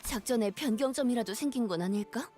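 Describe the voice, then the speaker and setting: A woman voicing an excitable, exuberant knight in game voice acting, exclaiming eagerly. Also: fairly high pitch, racing, soft background music, lightly acted. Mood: excited.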